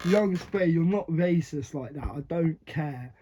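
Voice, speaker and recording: A man's voice: fairly high pitch, a little slow, warm tone. A man giving blunt, slangy reaction commentary, swearing often and laughing between remarks. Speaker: reaction video host. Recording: dull lo-fi sound.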